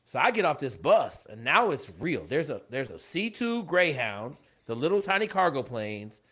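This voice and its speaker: Bright, animated storytelling man. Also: a little high, moderate pace. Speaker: former Navy SEAL guest. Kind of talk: storytelling in a casual podcast chat.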